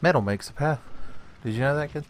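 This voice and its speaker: A man's voice: mid-range voice, quick pace. Joking man rambling through game commentary. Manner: joking, rambling, laughs often, swears casually. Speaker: gaming channel host. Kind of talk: let's play commentary.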